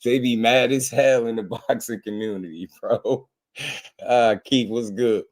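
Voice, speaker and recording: This man, who hosts a boxing channel, chats easily on a livestream, laughing a lot and greeting viewers by name. He has a mid-range voice with fairly even intonation and a measured pace.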